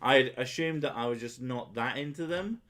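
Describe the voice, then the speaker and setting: A man's voice: medium pitch, normal speed, fairly bright tone. A man, co-hosting a crude, joking casual chat and laughing often. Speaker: podcast co-host.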